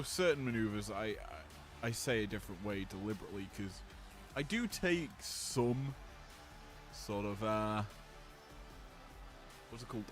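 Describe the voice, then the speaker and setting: A man calling a wrestling match play-by-play, drifting between relaxed chatty asides and louder calls on big moves, with a slight growl in his voice. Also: mid-range voice. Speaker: wrestling commentator. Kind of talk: play-by-play commentary on a simulated match.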